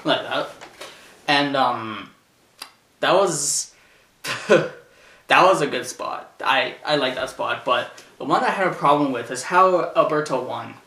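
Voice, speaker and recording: A man's voice: mid-range voice, lively intonation, takes it slowly, pauses often. Rambling man in a roomy room. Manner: rambling and hesitant, full of fillers and restarts; bursts into loud shouted impressions while retelling action. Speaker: show host reviewing a wrestling event. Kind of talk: casual spoken review. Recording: roomy, distant from the mic, faint noise.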